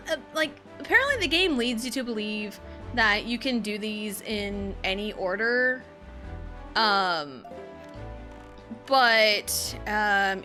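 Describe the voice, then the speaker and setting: Woman game streamer, high and bright tone, unhurried chatty commentary with fillers, faint game music under her. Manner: chatty and expressive, many fillers like "um" and "like"; talks aside to her young child while playing. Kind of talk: casual gameplay commentary.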